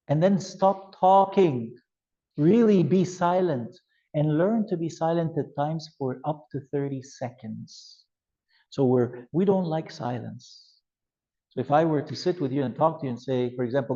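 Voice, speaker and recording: Male lecturer, mellow and slightly high voice, lively classroom delivery, muffled lo-fi sound. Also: unhurried. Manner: animated, acts out scenarios with voice changes. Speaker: youth ministry instructor. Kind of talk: classroom lecture with role-play examples.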